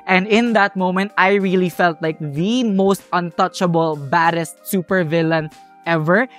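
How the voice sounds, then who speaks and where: Animated Filipino drag podcast host. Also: female voice, fairly low pitch, measured pace, faint music behind. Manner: animated, emotional, playful. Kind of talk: casual podcast chat mixing English and Filipino.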